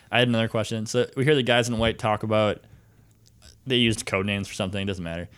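A man hosting a podcast, joking around and quickly putting questions to a guest. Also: lowish voice, fairly even intonation, a bit bright, clean tone. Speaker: podcast host. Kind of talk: casual podcast chat.

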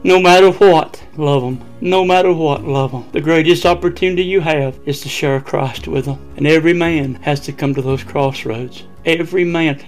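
An older man preaching a sermon as pastor, fervent, swinging from hushed lines to shouted praise. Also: on the high side, normal speed, hardly any pauses, faint music behind.

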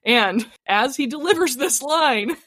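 A woman co-hosting a podcast, telling the episode's story in a casual, expressive, often laughing way. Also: sits high, unhurried, no room sound, studio quality. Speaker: podcast co-host. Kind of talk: casual recap chat.

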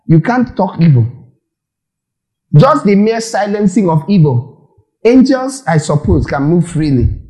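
A man preaching a sermon, animated and full of rhetorical questions to the audience. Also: a little high, measured pace, pauses often, poor audio.

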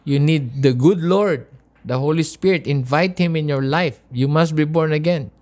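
A woman's voice: deep voice, moderate pace, darkish tone. A woman preaching a sermon, impassioned and emotional, asking repeated rhetorical questions.

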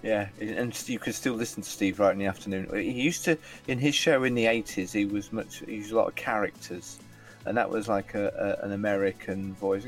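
A middle-aged man co-hosting a casual podcast, jovial and quick to laugh, often restarting his phrases. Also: fairly low pitch, steady tone, faint music behind. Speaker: podcast co-host.

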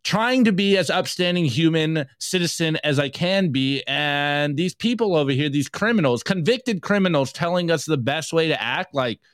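A man's voice: a little high, lively intonation, moderate pace, hardly any pauses, no echo, clean studio sound. A man co-hosting a podcast, talking casually and emphatically, with frequent restarts and an indignant edge. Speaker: podcast co-host. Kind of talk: casual opinion chat.

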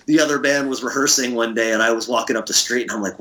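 A man's voice: medium pitch, fast talker, pushed and bright. A middle-aged man from Connecticut, a musician guest telling loose anecdotes in a casual interview, laughing often and swearing freely.

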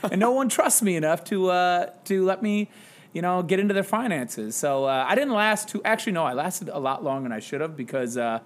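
Self-deprecating teacher telling animated stories. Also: male voice, sits high, brisk. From Wisconsin, US. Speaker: podcast guest, high school English teacher. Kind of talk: casual podcast chat, storytelling.

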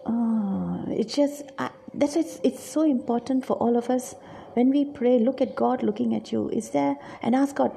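A woman's voice: on the high side, normal speed, gravelly, mellow, a little hiss or hum. A middle-aged woman giving a reflective, confessional Bible teaching, acting out her own inner voice.

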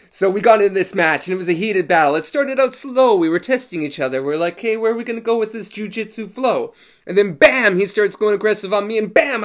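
A man hosting his own show, telling a story casually and with lots of energy, swearing and acting out sound effects and quotes. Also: on the high side. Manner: animated, profane, acts out quotes and sound effects. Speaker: show host.

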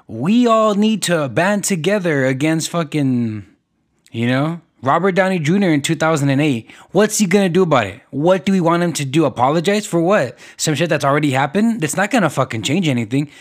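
A man's voice: a little high, expressive, fast, hardly any pauses. A young man hosting a solo podcast, ranting in a rambling, profane way with many restarts and fillers. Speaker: podcast host.

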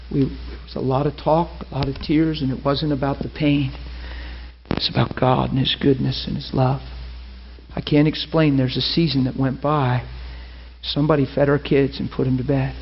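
A man preaching an impassioned sermon, telling a personal story with emphatic, rising delivery. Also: slight background noise. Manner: emphatic, rising into a high strained preaching pitch. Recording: dull lo-fi sermon recording.

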